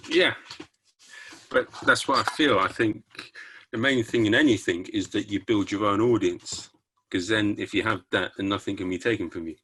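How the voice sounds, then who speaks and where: Bright, husky-voiced podcast host. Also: male voice, fairly low pitch, moderate pace. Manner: short prompts, joking asides. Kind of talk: casual podcast interview.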